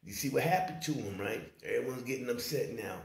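Gravelly man in a rambling vlog. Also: medium pitch, lively intonation, fairly quick, echoey room. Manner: rambling, keeps saying "you know what I'm saying". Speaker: online commentator. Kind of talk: casual commentary vlog.

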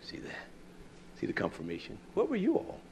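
Male preacher, high-pitched, slow and very animated, fiery sermon delivery with loud peaks and quiet asides. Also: vocal fry, whispered. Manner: fiery, swings between loud declaiming and low asides to the congregation; peppers speech with Hebrew terms and blunt curses.

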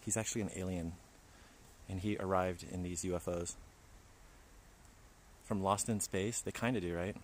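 A man's voice: low-pitched, steady tone, moderate pace, long pauses, a little hiss or hum. A man livestreaming in a park forest, chatting and joking with his viewers. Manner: chatty, jokey, talks to viewers. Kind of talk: casual livestream chat.

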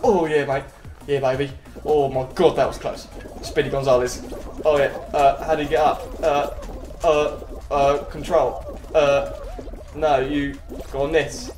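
A man giving casual commentary while he plays a video game, chatty and excitable. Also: a little high. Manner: excitable, chatty, quick cries and laughs. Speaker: gaming channel host. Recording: roomy echo, faint game music.

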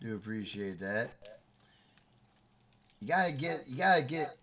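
A brash male streamer with a bright, forceful voice that swings widely in pitch. He swears constantly, shouts hype lines and greets chat viewers by name. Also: very animated, a little slow. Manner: loud, profane, shouts hype catchphrases; reads out chat names and thanks members. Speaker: streamer playing with his wife. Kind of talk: casual livestream gaming chat.

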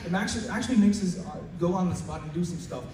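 A male student in his late teens doing stand-up comedy at school, chatty and stammering, loudly acting out his teachers. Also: high-pitched, fast. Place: school hall with an audience. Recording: echoey hall recorded from far off. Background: audience laughter and room noise.

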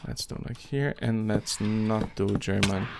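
A man giving casual gameplay commentary and muttering to himself in a slow, halting way while he plays. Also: fairly low pitch, fairly even intonation, creaky. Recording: noisy home recording with keyboard and mouse clicks.

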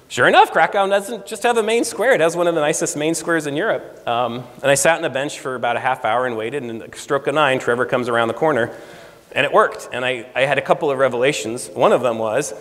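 A fortyish American man, invited to give a storytelling talk in a lecture room, brings his tales to life by acting out the dialogue. His voice is on the high side, and the recording echoes like a reverberant lecture hall.

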